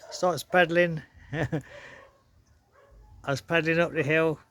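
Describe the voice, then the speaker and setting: A man's voice: fairly high pitch, fairly even intonation, unhurried, fairly bright tone. Chuckling man telling a story. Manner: chuckling often, rambling with restarts. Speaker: vlogger. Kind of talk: casual storytelling.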